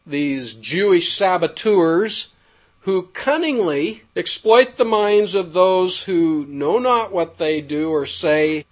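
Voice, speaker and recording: A man reading a prepared text aloud in a formal, measured way with ornate wording. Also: fairly high pitch. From United States.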